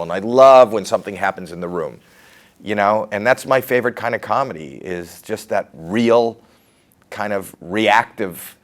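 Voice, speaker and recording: A middle-aged man with a Canadian accent, talking through his comedy career in a candid, rambling, self-deprecating interview. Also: lowish voice.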